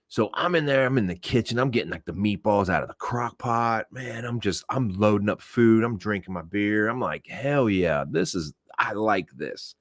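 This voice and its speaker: A man from Oklahoma hosting a show, telling his own stories in a loose, profane way and jumping up in pitch when he acts out what people said. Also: dry recording, clean studio sound. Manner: animated, profane, acts out quoted voices with big pitch jumps. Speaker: podcast host. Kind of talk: casual storytelling to a live audience.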